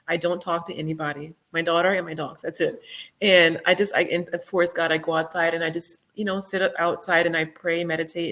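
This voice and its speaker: A middle-aged woman talking as a podcast guest in a casual interview, reflective and soft-spoken, with many fillers. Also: on the low side.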